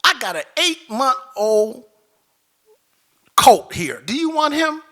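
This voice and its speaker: A man's voice: extremely high pitch, sing-song, takes it slowly, sharp tone, heavily acted. A man voicing a brash, possessive male horse owner who talks bluntly and offhandedly.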